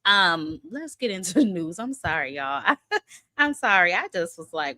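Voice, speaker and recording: A woman's voice: medium pitch, big pitch swings, unhurried, bright, forceful tone, no echo, studio quality. Sassy, dramatic woman livestream host. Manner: sassy, dramatic, calls viewers honey and child. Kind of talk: casual livestream commentary.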